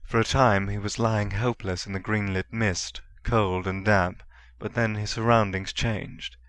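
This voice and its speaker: Low-voiced man reading a story. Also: fairly even intonation, a little slow, a bit bright. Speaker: narrator.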